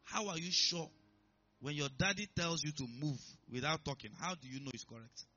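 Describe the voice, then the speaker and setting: A man's voice: fairly high pitch, animated, brisk, bright, forceful tone, muffled recording. A man preaching a sermon in church, emphatic and repetitive, often asking if listeners are following. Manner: emphatic, repeats himself, checks in with listeners. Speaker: pastor.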